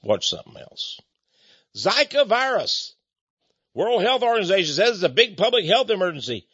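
A man hosting an opinionated news commentary in a sarcastic, exclamatory way, swinging between loud outbursts and hushed asides. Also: high voice, sing-song, fast talker, slightly rough, no echo. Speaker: commentary host. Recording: dull, dry lo-fi recording.

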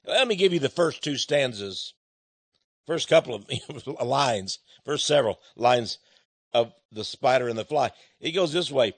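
A man preaching a sermon in an animated way, often repeating his words and chuckling as he speaks. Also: mid-range voice, unhurried, no echo.

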